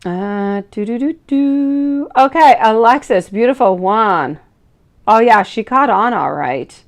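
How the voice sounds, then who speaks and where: A woman's voice: on the high side, animated, slow pace. A woman in her thirties giving a live-stream tarot reading in a chatty, affectionate way, calling viewers sweetie and beautiful. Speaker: tarot reader.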